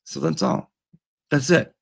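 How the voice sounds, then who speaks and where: A man's voice: a little slow, slight background noise. Gossipy, sassy man on a comedy stream. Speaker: comedic livestream host in teacher persona. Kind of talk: chatty comedy livestream.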